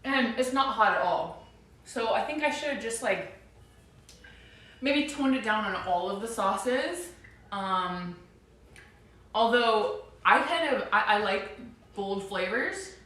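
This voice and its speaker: A young woman with a bright, forward voice rambles and giggles through a casual chat with her viewers. She sounds a little off-mic, in a kitchen full of hard echo. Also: mid-range voice, animated, slow, pauses often. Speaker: livestreamer. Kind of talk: casual cooking livestream chat. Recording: echoey room, mic a bit far off.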